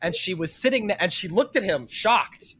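A man co-hosting a podcast, telling animated stories in casual chat and swearing freely. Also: sits high, normal speed, slight background noise. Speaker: podcast co-host.

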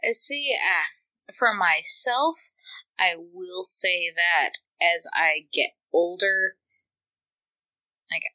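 A woman's voice: on the low side, very slow, long pauses, pushed and bright, rough recording. A woman co-hosting a podcast, chatting casually and enthusiastically about tabletop gaming. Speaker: podcast co-host.

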